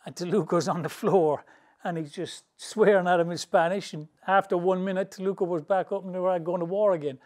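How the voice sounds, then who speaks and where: High-pitched and a little fast, with few pauses, a man from England who trains boxers spins loose, chatty stories in response to interview questions. He's animated and rambling and keeps laughing through his anecdotes.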